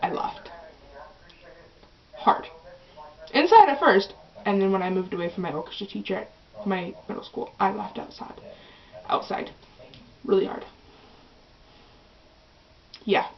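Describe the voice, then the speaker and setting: A woman's voice: medium pitch, level tone, a little slow, creaky, long pauses. Chatty young teen girl, lo-fi. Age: early teens. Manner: chatty and rambling, with many restarts. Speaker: vlogger. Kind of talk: casual storytelling vlog.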